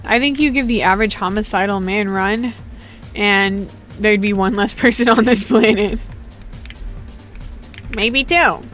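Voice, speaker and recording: A woman's voice: mid-range voice, a little slow, pauses often, fairly bright tone, faint music behind. A woman giving casual, joking, rambling commentary while playing a game, full of slang. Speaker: gaming streamer.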